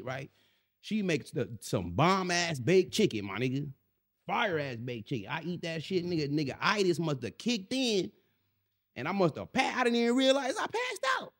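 A man's voice: fairly high pitch, moderate pace. A man telling a story in casual chat, slangy, repeating his catchphrases. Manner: animated, slangy, repeats "my nigga" and "you feel me". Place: Los Angeles.

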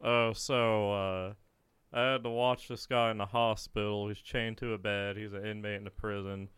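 A man's voice: lowish voice, flat delivery, normal speed, a bit bright, clear, resonant tone, no room sound. Profane laughing storyteller man. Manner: profane, laughing often while telling a story. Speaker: podcast guest; prison correctional officer. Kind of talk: casual storytelling.

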